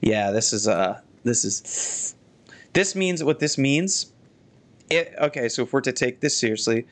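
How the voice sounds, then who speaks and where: A young adult man giving chatty live commentary as he plays a video game, critiquing its buildings with frequent restarts and sudden high-pitched exclamations. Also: lively intonation, measured pace.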